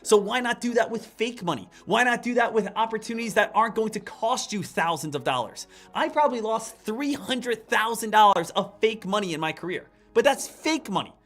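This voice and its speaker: Male trading-stream host, animated and lecturing, bright and forceful tone. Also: high-pitched, fairly quick, few pauses, faint music behind. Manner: animated, lecturing, addresses the chat directly. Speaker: day trading livestream host. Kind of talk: live trading commentary.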